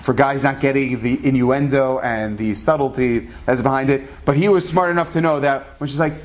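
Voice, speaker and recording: A man's voice: medium pitch, fairly quick. Man telling a story casually. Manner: conversational, acts out quoted dialogue.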